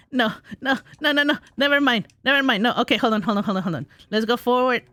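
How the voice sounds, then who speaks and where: A woman's voice: on the high side, fairly quick, a bit bright, no room sound. A woman commentating her own gameplay, talking to herself, giggling often and crying out when things go wrong. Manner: giggly, self-talking, exclaims in frustration. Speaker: gaming streamer.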